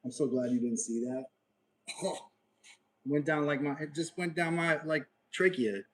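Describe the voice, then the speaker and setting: A man's voice: fairly high pitch, normal speed, poor audio. A man hosting a casual livestream outdoors, chatting easily and joking while he stitches leather. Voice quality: ginger, sweaty from working outdoors. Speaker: livestream host. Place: outdoors, warm day.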